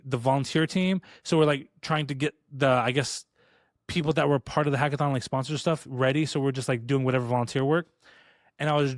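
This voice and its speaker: A man co-hosting a podcast, telling stories in a casual chat. He talks fast and rambles with restarts, and he acts out quoted lines in a raised voice. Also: a little high, no echo, studio quality. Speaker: podcast co-host. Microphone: studio podcast mic.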